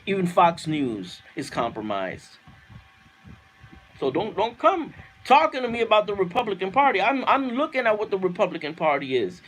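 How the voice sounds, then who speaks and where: A man ranting on a livestream, fiery and profane, repeating himself and climbing into shouted outbursts. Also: high voice, a little hiss or hum. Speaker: livestream host reading viewer comments. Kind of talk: heated political rant on a livestream.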